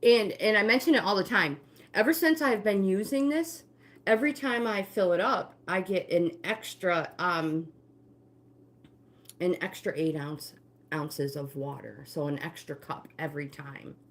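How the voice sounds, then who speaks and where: Slow-talking older woman leading a workout. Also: on the low side, slight background noise. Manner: friendly coaching, greets viewers by name. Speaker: fitness instructor and livestream host. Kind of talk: live-streamed walking workout.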